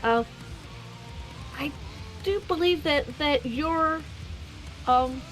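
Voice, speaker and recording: A woman voicing a bubbly, cheerful young baker, halting and full of fillers. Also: sits high, faint music behind, voice pushed up, rough recording. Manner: hesitant, halting with many fillers.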